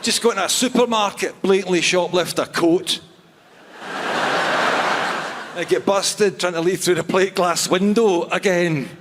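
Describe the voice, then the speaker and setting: A man performing a stand-up set on a theatre stage, with a halting, self-mocking delivery full of restarts. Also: sits high, noisy background. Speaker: stand-up comedian. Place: large theatre stage before a live audience. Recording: long theatre reverb.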